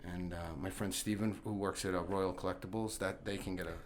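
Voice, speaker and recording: A man's voice: deep voice, level tone, brisk. A man from New York City, a guest on a podcast, telling rambling stories full of restarts and laughing as he acts out quotes. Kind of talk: casual chat.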